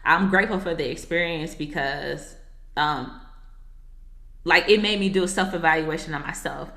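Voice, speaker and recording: A woman with a low voice that still has a bright, forceful edge shares her story as an interview guest. She talks in an earnest, reflective way and drops casual asides to the host. The room is noticeably echoey. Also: normal speed. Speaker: marriage coach and author, podcast guest.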